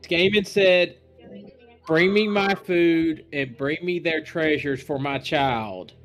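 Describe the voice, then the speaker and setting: A man playing a tabletop role-playing game, speaking in a measured way as he reasons things out in character. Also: on the high side, a bit bright, soft background music. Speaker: player.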